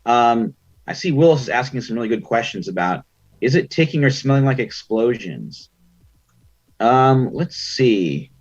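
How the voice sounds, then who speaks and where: A man's voice: mid-range voice, very animated, a little slow, lo-fi sound. A man narrating a tabletop game as game master, chatty and loose, with many ums and likes.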